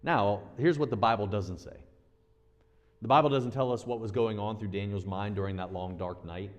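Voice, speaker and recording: A man preaching a sermon as pastor, animated, acting out quoted voices with big swings in pitch and loudness. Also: highs cut off. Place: church sanctuary. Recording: long church-hall reverb.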